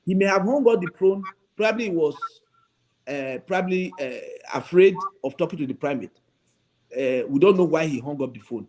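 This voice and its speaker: A man's voice: a little high, lively intonation, normal speed, a little mellow, a little hiss or hum. A man, a bishop speaking as a guest on a talk show, earnestly pleading and acting out the dialogue he recounts. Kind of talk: talk-show interview, storytelling.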